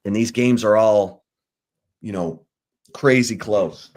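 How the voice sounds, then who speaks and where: Laid-back low-voiced sports show host. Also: male voice, slow pace. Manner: relaxed, rambling, with fillers and restarts. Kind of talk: casual sports talk and storytelling.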